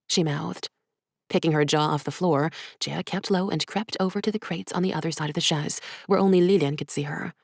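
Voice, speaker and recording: A woman, an author, reading her own short story in soft, measured, hushed narration. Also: lowish voice, no echo, clean studio sound.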